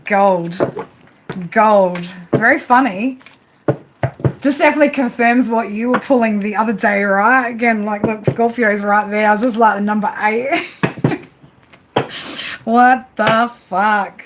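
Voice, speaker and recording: A woman's voice: medium pitch, unhurried, noisy background. A woman doing casual live-stream tarot readings, chatty and laughing, swearing freely as she talks to her viewers.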